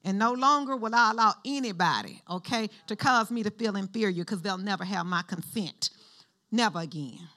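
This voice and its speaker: A woman's voice: medium pitch, normal speed. A woman pastor preaching a sermon in a conversational style, calling out prompts for the congregation to answer. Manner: lively call-and-response with the congregation; conversational, shifts between preaching and chatty asides.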